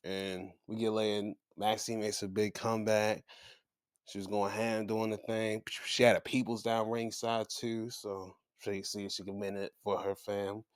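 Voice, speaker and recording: A man's voice: on the low side, moderate pace, clean tone, no room sound, clean studio sound. A man hosting a show, chatting casually through a recap and acting out what people said. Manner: animated, chatty, acts out quotes. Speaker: show host. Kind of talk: casual wrestling recap commentary.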